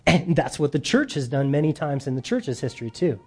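A man preaching a sermon as pastor, animated, dropping to soft emphasis at the ends of phrases. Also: on the high side, fairly quick, slightly rough.

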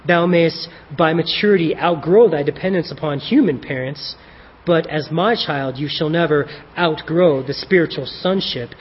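A man preaching a sermon who asks rhetorical questions and answers them himself, then reads a devotional in an old-fashioned scriptural style. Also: a little high. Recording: dull, echoey hall with faint hiss.

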